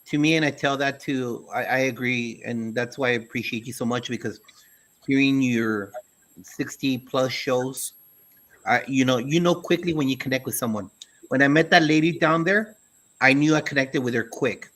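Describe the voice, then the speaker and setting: A man's voice: medium pitch, normal speed, a bit bright. A man co-hosting an education talk show, speaking emphatically and dropping folksy sayings. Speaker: podcast co-host, school administrator. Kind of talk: casual conversational talk.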